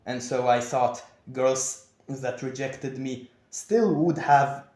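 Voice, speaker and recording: A young man talking in a confessional vlog, with a monotone, over-enunciated delivery. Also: mid-range voice, slow pace. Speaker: vlogger. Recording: echoey room.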